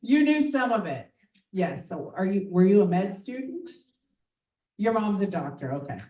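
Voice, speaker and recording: A woman hosts a live show and chats with the audience between acts. Her pitch swings widely as she talks. She is heard from some distance in a roomy venue. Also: big pitch swings, moderate pace, dark tone. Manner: chatty, talks to the crowd. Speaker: host.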